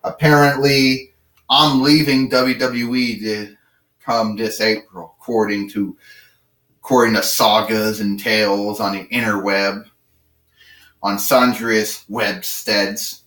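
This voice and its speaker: A man's voice: lowish voice, level tone, slow pace, fairly bright tone. A man playing a brash pro wrestler who rambles through mocking trash talk. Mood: smug. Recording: roomy, distant from the mic.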